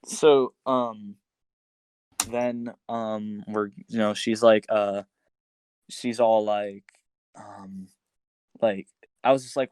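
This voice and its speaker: A man's voice: lowish voice, steady tone, extremely slow, pauses often, darkish tone, clean tone, no room sound. A young man on a casual podcast, retelling a breakup story with lots of fillers and restarts, switching into raised voices when he quotes others. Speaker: podcast guest telling a story.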